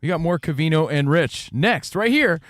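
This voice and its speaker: Lively, playful man co-hosting sports radio. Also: on the high side, normal speed, dry recording, clean studio sound. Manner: playful, goofy, mock-confused. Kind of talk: casual sports talk banter. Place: radio studio.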